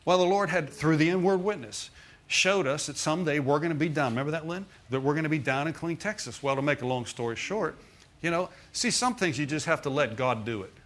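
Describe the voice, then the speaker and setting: A man's voice: a little high, brisk, fairly bright tone. A middle-aged man preaching a sermon, telling a personal testimony in a conversational way and checking in with the congregation with frequent asides. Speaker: pastor.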